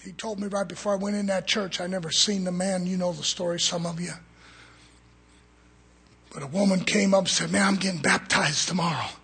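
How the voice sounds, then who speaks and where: A man preaching a fiery sermon in a church, swinging from loud shouts to low murmurs. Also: steady tone, fairly quick, gravelly, breathy edge.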